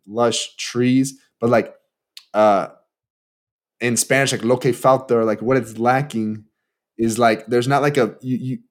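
A man hosting a podcast, chatting in an easygoing way and talking straight to listeners. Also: mid-range voice. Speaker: podcast host. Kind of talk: casual chat.

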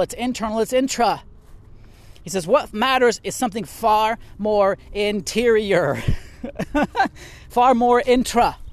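A man teaching from the Bible in an animated way, a little out of breath as he walks and talks. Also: sits high, dry recording. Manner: animated, reads and explains scripture; talks while walking vigorously.

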